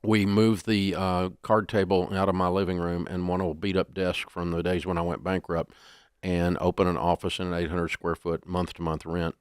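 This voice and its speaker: An older man as an interview guest, telling stories in a folksy, animated way. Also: deep voice, moderate pace, clear, resonant tone, no echo, studio quality. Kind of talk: storytelling interview.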